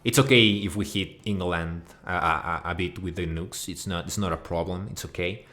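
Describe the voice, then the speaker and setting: A man's voice: low-pitched, fairly even intonation, moderate pace, a bit bright. A man delivering a crude, swearing, mock-outraged rant that rambles from point to point. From Mexico. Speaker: video host. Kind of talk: profane comedic rant.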